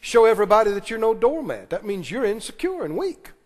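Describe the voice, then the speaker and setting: A man preaching a sermon as pastor, retelling scripture with animated, dramatic delivery. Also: high-pitched, a little fast, long reverb tail.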